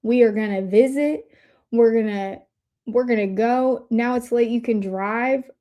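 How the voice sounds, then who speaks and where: A bubbly, excitable woman hosts a casual livestream, chatting away to her viewers. Her voice sits high and bright. She talks into a desk mic at her computer. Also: unhurried. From Indiana, USA. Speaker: livestream host.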